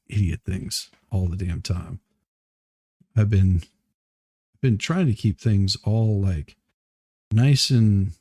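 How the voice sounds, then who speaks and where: A man's voice: on the low side, darkish tone, husky, no room sound, clean studio sound. A man hosting a live stream, chatting casually with viewers, rambling and poking fun at himself while a little out of breath. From Southeast Michigan, US. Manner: rambling, self-deprecating, greets chat viewers by name.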